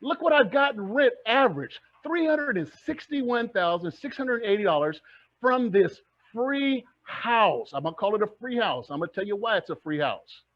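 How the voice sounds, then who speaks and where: High-voiced husky man giving a pep talk. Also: moderate pace. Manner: energetic, fires rhetorical questions at the audience; acts out the audience's replies. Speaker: real estate investor and presenter. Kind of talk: motivational presentation to a club. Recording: dull lo-fi recording.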